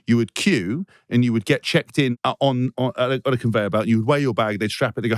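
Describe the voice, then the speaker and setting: Sweary ranting podcast host. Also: male voice, medium pitch, fast talker, few pauses, no room sound, clean studio sound. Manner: ranting, sweary, animated storytelling. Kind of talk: casual podcast chat.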